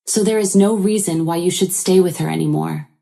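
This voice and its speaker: A woman's voice: lowish voice, brisk, vocal fry, mellow. A woman voicing a greedy, scheming mother-in-law who makes demands and pries.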